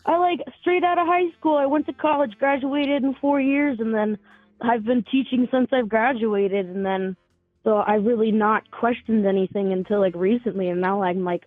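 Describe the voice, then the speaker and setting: A woman's voice: a little high, fairly even intonation, normal speed, no room sound, faint music behind. A woman in her twenties calling in to a talk show, rambling casually with lots of fillers and the odd swear. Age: 20s. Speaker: caller. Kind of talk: casual phone chat. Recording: tinny phone line.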